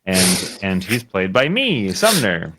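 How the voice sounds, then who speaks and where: A man's voice: low-pitched, wildly swooping pitch, slow, background noise. A man playing in a tabletop game, chatting with a playful, giggly manner. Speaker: player. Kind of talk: casual chat.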